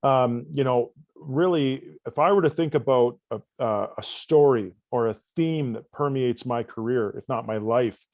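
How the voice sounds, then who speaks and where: A man, a coach guest on a podcast interview, telling stories with lively, acted-out dialogue in a casual conversational way. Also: medium pitch, a little slow, hardly any pauses, no echo. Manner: animated storyteller, acts out dialogue.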